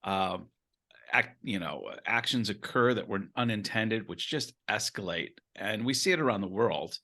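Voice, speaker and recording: A man's voice: lowish voice, expressive, normal speed, sharp tone. A man co-hosting a movie review podcast, chatty and jokey with lots of restarts. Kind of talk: casual movie review chat.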